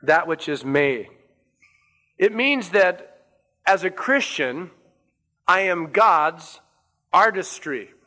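A man preaching a sermon as a pastor, stressing and repeating key words with slow, deliberate emphasis. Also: sits high, animated, sharp tone.

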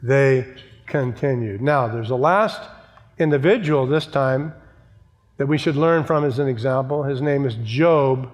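A man's voice: medium pitch, measured pace, lo-fi sound. A male pastor preaching a sermon, emphatic, repeating key phrases and asking the congregation for an amen. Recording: long church reverb.

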